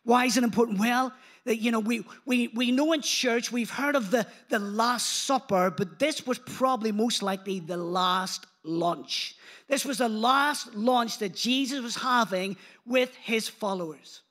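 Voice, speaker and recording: A man preaching a sermon in church, animated and engaging the congregation, retelling scripture in casual speech. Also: very high-pitched, a little slow. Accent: non-local accent.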